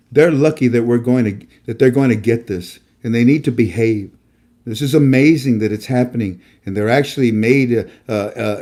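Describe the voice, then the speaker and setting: A man's voice: medium pitch, warm tone. A man hosting a casual monologue show, talking emphatically and preachily, repeating himself and stammering often. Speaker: host. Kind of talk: casual live-stream monologue.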